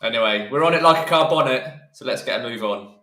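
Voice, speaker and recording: A man's voice: mid-range voice, fast talker, bright, forceful tone. A man co-hosting a live race stream, joking and laughing along in banter. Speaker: race co-host. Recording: echoey room.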